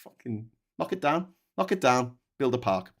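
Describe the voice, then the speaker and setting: A man hosting a casual commentary stream, ranting profanely and rambling with many restarts, sometimes breaking into shouted outbursts. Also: mid-range voice, expressive, moderate pace. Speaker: host.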